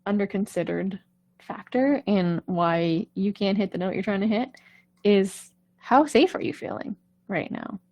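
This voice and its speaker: A woman coaching singers in a relaxed live-stream chat, her voice carrying a gravelly fry. She is chatty and reassuring, often checking in with the listener. The sound is close and dry, with no room around it. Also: medium pitch, unhurried, no room sound, highs cut off. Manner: chatty, reassuring, keeps asking "right?". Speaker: vocal coach.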